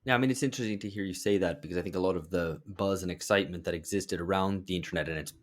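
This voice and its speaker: A man's voice: deep voice, rapid-fire. A man hosting a podcast, asking questions in a casual, self-deprecating way with loose phrasing. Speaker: podcast host.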